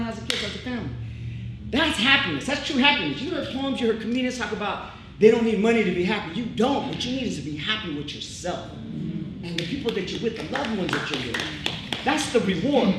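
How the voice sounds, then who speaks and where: A middle-aged man speaks from a theatre stage in a casual, heartfelt way, hammering his points with repetition. The hall rings with echo, and a steady live-room noise sits under him. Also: extremely high pitch. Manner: emphatic, repetitive, casual street talk. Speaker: speaker at a tribute show.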